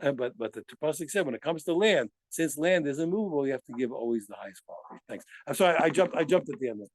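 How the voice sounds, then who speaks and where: Animated man teaching a lesson. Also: fairly high pitch, fast, a little hiss or hum. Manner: animated, asks rhetorical questions and answers them; corrects himself often. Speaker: Talmud teacher. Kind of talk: daf yomi study lesson.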